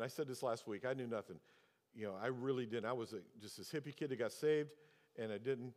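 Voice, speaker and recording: Older male pastor, sermon, animated storyteller, long hall reverb. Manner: storytelling, acts out dialogue with pitch jumps.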